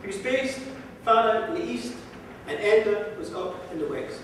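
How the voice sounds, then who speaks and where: A man spins an old folk tale with a lilting, rhythmic telling. His voice sits high for a man and rings out in a museum hall with a long echo, picked up from far back. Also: expressive, moderate pace, a bit bright, slight background noise. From Ireland. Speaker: storyteller. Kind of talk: live folk storytelling.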